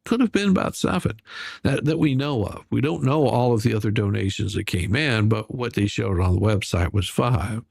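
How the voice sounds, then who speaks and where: A man's voice: fairly low pitch, normal speed, gravelly, hardly any pauses, darkish tone, slightly rough, no room sound, studio quality. A man hosting casual drama commentary, sarcastic and rambling, with many restarts. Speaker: commentary channel host.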